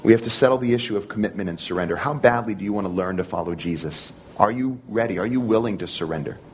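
A man's voice: lowish voice, fast, highs cut off, slight background noise. A man preaching a sermon in an earnest manner, repeating phrases and restarting often. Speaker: pastor.

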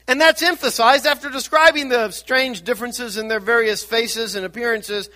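A high-pitched older man preaching with a bright, forceful edge. He swings from quiet, intimate passages to loud, urgent emphasis. His pulpit delivery is dynamic and earnest. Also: steady tone, moderate pace, few pauses. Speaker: pastor. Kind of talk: sermon.

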